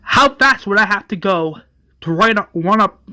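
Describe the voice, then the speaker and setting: Earnest young speedster hero read by a man, tense and bright. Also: high voice, animated, normal speed, voice pushed up, exaggerated voice. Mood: urgent. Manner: earnest, urgent.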